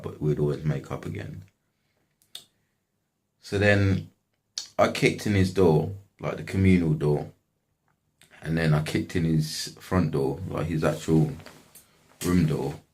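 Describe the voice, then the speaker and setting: A man's voice: a bass voice, a little mellow. A young man casually telling a story from his life, slangy and swearing often. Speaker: vlogger.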